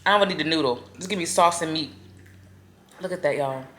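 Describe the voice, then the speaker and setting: A woman casually chatting to viewers between bites, murmuring softly as she eats at home. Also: low-pitched, quick pace, a little hiss or hum. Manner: talks between bites with soft murmured mm sounds. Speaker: mukbang vlogger. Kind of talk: casual chat while eating. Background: faint lawn mower and clinking cutlery.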